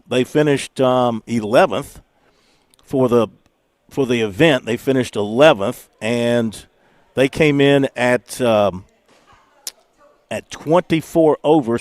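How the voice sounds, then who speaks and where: A man's voice: mid-range voice, darkish tone, dry recording. Conversational male radio sports host. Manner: conversational, reads results with pauses. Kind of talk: radio talk show hosting.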